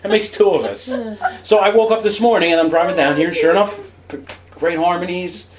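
A man's voice: high voice, brisk, crowd noise. A man with a New Jersey accent co-hosting a radio show, rambling through self-deprecating stories and laughing as he goes. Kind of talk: casual chat.

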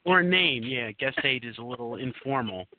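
A man's voice: medium pitch, expressive, moderate pace, background noise. A man hosting a casual live call-in podcast, rambling and hesitant with many restarts. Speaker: podcast host. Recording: tinny phone-line call-in audio.

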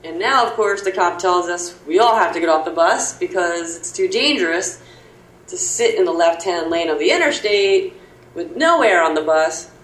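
A woman telling a funny personal anecdote in an animated, playful way, with a roomy recording sound. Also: normal speed. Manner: animated, playful, jumps high for quoted voices. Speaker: storyteller.

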